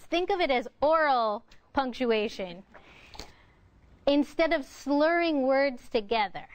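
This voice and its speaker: A middle-aged woman presenting a workshop, coaching clearly and modeling intonation examples for the audience. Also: high voice, expressive, takes it slowly. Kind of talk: interactive workshop lecture.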